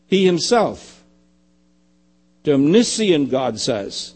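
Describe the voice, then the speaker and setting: A man preaching a sermon, emphatic and repetitive, often dropping to a quiet low. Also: very animated, takes it slowly, long pauses, slightly rough. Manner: emphatic, repeating phrases, dropping to quiet lows.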